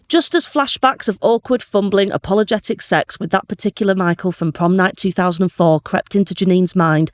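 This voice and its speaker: A woman comedian reads her own comic story aloud. She tells it with lively, playful energy and breaks into laughter along the way. Her voice sits at middling pitch, recorded dry and close. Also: moderate pace, few pauses, no echo.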